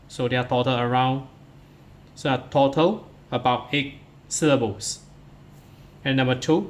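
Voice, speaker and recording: A man teaching English to pupils, walking through workbook answers step by step and counting syllables aloud one at a time. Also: mid-range voice. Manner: addresses pupils directly, starts many lines with "so".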